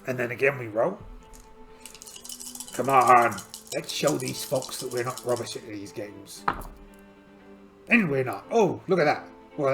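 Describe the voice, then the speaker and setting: Gravelly Englishman playing a pirate game. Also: mid-range voice, fairly bright tone. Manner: chatty, self-mocking, hammy pirate talk. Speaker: solo tabletop game player. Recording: light music underneath.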